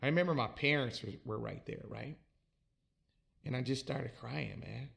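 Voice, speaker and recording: A man telling his own life story in a halting, repetitive way, often restarting his words. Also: medium pitch, vocal fry, fairly bright tone. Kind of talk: personal storytelling.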